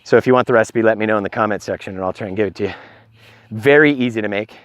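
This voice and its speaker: A man's voice: on the low side, rapid-fire, dry recording. A middle-aged man rambling casually into a handheld phone, with many ums, and short of breath. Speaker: vlogger sharing health advice. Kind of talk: casual filmed talk. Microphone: handheld phone on a stabilizer.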